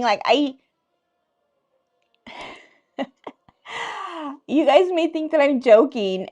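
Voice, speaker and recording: A woman hosts a casual livestream chat, reading viewer comments aloud in a playful, teasing way and laughing often. Her voice is high-pitched with a darkish tone.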